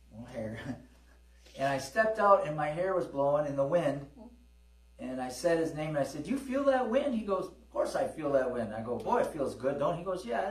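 A middle-aged man preaching and telling personal testimony stories, calling for amens from his congregation. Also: a little high. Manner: folksy storytelling, call-and-response with the congregation. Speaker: pastor. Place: church hall. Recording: roomy hall, distant mic, mains hum.

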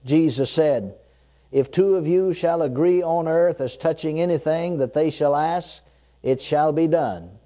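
A man preaching a sermon, leading his listeners in call-and-response declarations, repeating key phrases and slowing down to read scripture. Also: fairly high pitch, mellow.

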